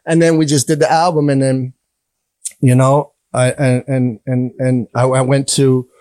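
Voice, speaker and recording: A man telling animated stories in a casual interview. He acts out other people's voices, laughs often and swears freely. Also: medium pitch, moderate pace, smooth, dry recording. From Canada. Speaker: guest musician.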